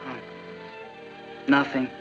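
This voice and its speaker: A man's voice: drawn-out words, music in the background. An actor playing an earnest, jealous teenage boy sulking over his girlfriend in a 1960s TV sitcom. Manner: sulky, earnest. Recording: dull 1960s TV sound.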